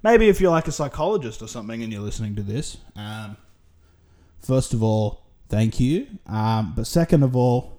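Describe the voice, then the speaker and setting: A solo podcast features an Australian man with a medium-pitched, mellow, expressive voice speaking at normal speed. He rambles casually, swearing and drifting into tangents.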